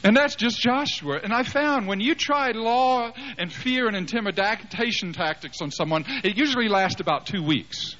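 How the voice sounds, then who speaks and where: A man preaching a sermon, telling a personal story with animated delivery and dramatic swings in loudness. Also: high-pitched, normal speed, hardly any pauses. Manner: animated, acts out dialogue, big swings in loudness. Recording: slightly dull, faint background noise.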